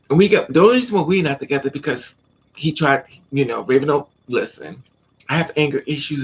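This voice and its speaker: A woman's voice: low voice, gravelly, slightly rough. A woman vlogger telling stories in a casual livestream chat and talking straight to her viewers. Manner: chatty storytelling, addresses viewers directly.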